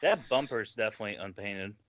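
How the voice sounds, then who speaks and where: A man's voice: lowish voice, brisk, fairly bright tone. A man co-hosting a podcast, chatting casually with crude, swearing banter. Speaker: podcast co-host. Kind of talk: casual chat. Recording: dull lo-fi podcast audio.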